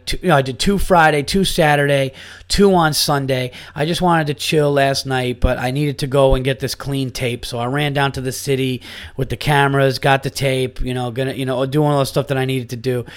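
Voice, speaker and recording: A man's voice: medium pitch, fairly even intonation, moderate pace. A man hosting his own podcast as a comedian, ranting in a casual, incredulous way and swearing often.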